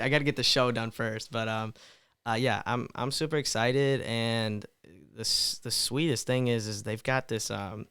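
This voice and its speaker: A twenty-year-old man talking as a guest in a casual podcast interview, animated and rambling, often repeating words. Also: medium pitch, moderate pace, clear, resonant tone, no room sound, clean studio sound. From Mid Michigan.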